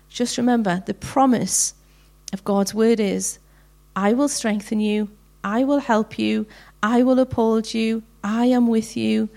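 A middle-aged woman giving a heartfelt devotional talk to women, slowing down to read scripture passages earnestly. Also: fairly high pitch, gravelly, a little mellow. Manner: heartfelt, earnest, slows down for readings. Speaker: women's ministry speaker.

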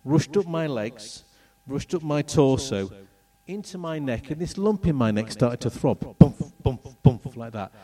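A middle-aged man from England telling a personal testimony with slides, in an animated storytelling manner. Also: mid-range voice, unhurried, hardly any pauses, recorded from a distance. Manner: animated storytelling, acts out voices and moments. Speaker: speaker telling his testimony.

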